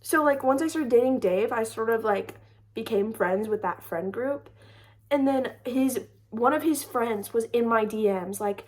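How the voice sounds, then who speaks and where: A woman's voice: a little high, measured pace. Chatty young woman telling a story. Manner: chatty, lots of "like", animated retelling. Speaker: storytime creator. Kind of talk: casual storytime chat.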